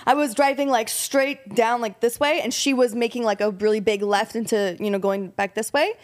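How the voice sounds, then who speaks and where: Expressive woman with a high voice. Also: moderate pace. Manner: expressive, acts out quoted voices. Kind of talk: casual chat.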